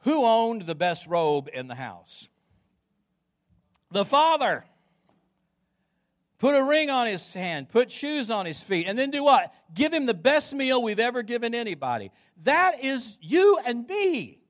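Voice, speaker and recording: A man's voice: very high voice, big pitch swings, a little slow. A man preaching a sermon as pastor, emphatic, repeating words and putting questions to the congregation.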